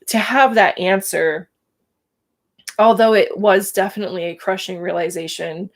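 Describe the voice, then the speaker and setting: A woman's voice: fairly low pitch, moderate pace. A woman, telling her own story candidly and with emotion on a casual livestream. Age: 30s. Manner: candid, emotional, laughs between thoughts. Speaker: livestream host.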